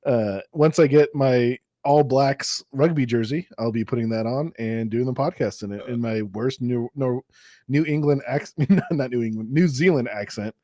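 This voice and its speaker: A man co-hosting a gaming podcast, telling stories in a lively way, swearing and laughing as he goes. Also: medium pitch, moderate pace, no room sound, studio quality. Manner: animated storyteller, swears and laughs often. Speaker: podcast co-host. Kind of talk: casual podcast chat.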